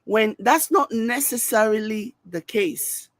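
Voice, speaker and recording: A woman giving animated reaction-video commentary. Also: fairly high pitch, slow pace, dry recording. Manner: animated, mimics people she discusses.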